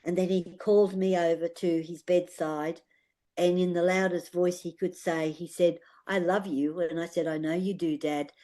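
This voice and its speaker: A woman's voice: on the low side, fairly even intonation, normal speed, mellow. Older Australian woman, interview guest, heartfelt storyteller, repeats phrases. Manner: earnest, heartfelt, repeats phrases, uses fillers. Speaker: guest, aura healer.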